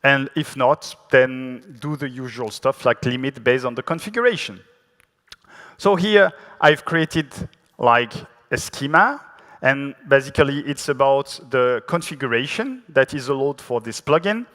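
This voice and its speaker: A man's voice: mid-range voice, expressive, unhurried, a bit bright. A man with a French accent gives a technical conference talk, and his voice sits in a mid range. He keeps it chatty and self-deprecating, with lots of fillers and restarts. The sound carries a long reverb from a large hall. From France. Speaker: conference speaker.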